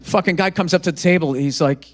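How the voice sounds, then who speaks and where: A man's voice: fairly high pitch, fast talker. A man in his fifties doing a stand-up routine, ranting in an exasperated, profane way. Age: 50s. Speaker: stand-up comedian.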